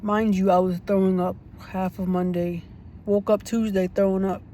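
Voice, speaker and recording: Storytime vlogger, mid-range pitch, fired up and repetitive, cursing casually, light background hiss. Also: little pitch movement, moderate pace, dark tone. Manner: blunt and indignant, swears freely; repeats points for emphasis.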